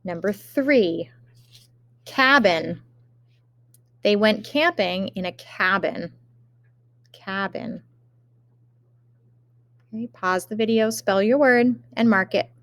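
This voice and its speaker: A woman teacher giving a remote spelling lesson, dictating words slowly and carefully with example sentences. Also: medium pitch, no room sound.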